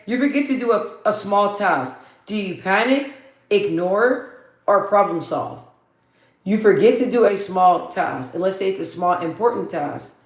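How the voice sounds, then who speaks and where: On a casual live Q&A stream, a woman with a lowish voice in a reverberant space keeps things hyper and chatty. She laughs often and reads her viewers' responses aloud as the host.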